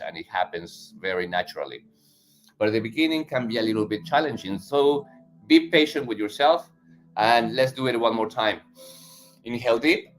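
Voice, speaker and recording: Gentle man guiding a healing practice. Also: mid-range voice. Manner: gentle, encouraging, unhurried instruction. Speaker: self-healing instructor. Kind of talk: guided mantra and tapping practice.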